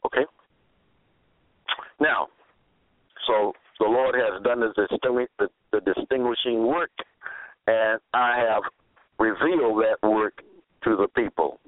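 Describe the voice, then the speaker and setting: A man preaching a sermon, quoting scripture deliberately, spelling out words and repeating phrases for emphasis. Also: lowish voice, no echo. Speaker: religious preacher. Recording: tinny phone-line audio, dry.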